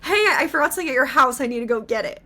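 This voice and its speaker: A woman quoting her fiancé as a sick, stressed young man speaking flatly and guiltily. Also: high-pitched, rapid-fire, pitched above the performer's own voice, full character voice. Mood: guilty. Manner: flat, dazed, guilty.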